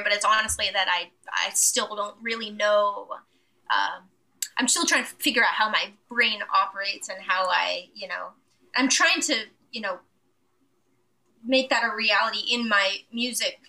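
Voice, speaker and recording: Bright-voiced woman searching for words. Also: mid-range voice. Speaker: pianist, interview guest. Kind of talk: casual interview chat.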